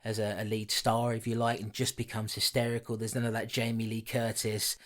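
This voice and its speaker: A man's voice: fairly low pitch, monotone, brisk. A man co-hosting a horror film podcast, chatting casually, teasing and sarcastic. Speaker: podcast co-host. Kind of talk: casual film review chat.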